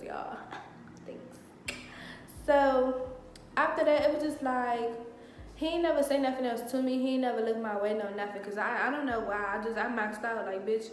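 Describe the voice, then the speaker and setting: A young woman telling a profane, animated story in casual storytime style, recorded in a dorm room. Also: on the high side, a little hiss or hum. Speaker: vlogger. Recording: very echoey room with long reverb.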